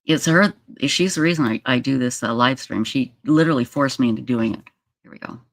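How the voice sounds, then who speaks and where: A livestream host chats in a loose, rambling way with a gravelly, fry-heavy voice and often trails off mid-thought. The sound is dry and close, with no room echo. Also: mid-range voice, fairly quick. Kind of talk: casual livestream chat.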